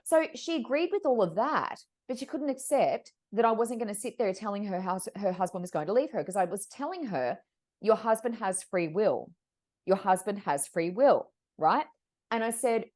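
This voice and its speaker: A woman guest, a psychic medium, telling stories in a lively conversational way, acting out quoted voices in quick bursts. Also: medium pitch. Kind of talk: animated storytelling in conversation.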